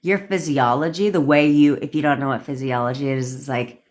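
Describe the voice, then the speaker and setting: A woman's voice: rumbling low, steady tone, fairly quick, a little mellow. A young woman coaching on a phone livestream, talking in a blunt, profane, cocky way and laughing at herself. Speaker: manifestation coach. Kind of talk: casual livestream rant.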